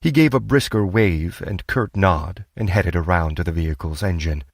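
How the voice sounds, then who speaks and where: A man reading an audiobook as narrator, steady and measured. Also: sits low, no room sound, studio quality. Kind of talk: scripted narration.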